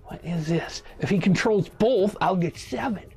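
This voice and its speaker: A man's voice: high-pitched, moderate pace, darkish tone, slightly rough, faint music behind, heavily acted. A man impersonating a touchy, self-assured older male statesman, rambling through comedic gaming commentary in character. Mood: chatty. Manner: rambling, muttering to himself while picking cards.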